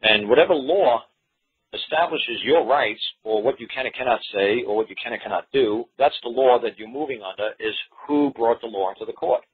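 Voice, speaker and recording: Over tinny, thin audio resembling a radio-carried phone call, a fast-talking man with a deep, very husky voice recounts a court episode. He animatedly voices both sides of the exchange, frequently restarting and repeating his phrases.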